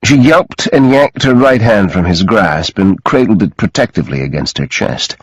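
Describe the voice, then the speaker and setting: A man reading an audiobook in a dramatic, expressive way, close to the mic. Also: lowish voice, normal speed, slightly rough, dry recording, rough recording. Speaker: audiobook narrator. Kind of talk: scripted audiobook narration.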